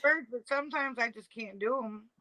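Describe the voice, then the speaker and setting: A woman chatting casually as co-host, thinking out loud. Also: on the high side, moderate pace, no room sound, low-quality recording. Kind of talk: casual chat.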